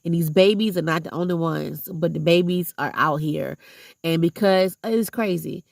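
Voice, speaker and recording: Gravelly, passionate woman vlogger. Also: lowish voice, moderate pace, no echo. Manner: passionate, preachy and blunt. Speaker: vlogger and substitute teacher. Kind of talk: heartfelt casual vlog monologue.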